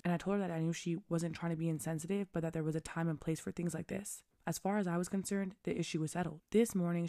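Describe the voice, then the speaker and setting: A woman reading online posts aloud as a storytime narrator, at an even, brisk clip. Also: lowish voice, dry recording, studio quality.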